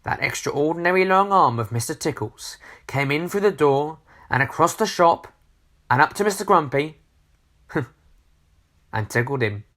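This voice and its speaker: A man reading a children's storybook aloud, expressive, asking the listener questions. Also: on the high side, moderate pace.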